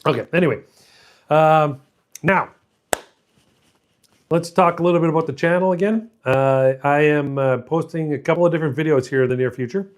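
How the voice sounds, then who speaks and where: A man's voice: a little high, normal speed, pauses often. A middle-aged man hosting his own channel, telling a story in a rambling, self-mocking way, laughing often and restarting sentences. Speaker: channel host. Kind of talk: casual storytelling monologue.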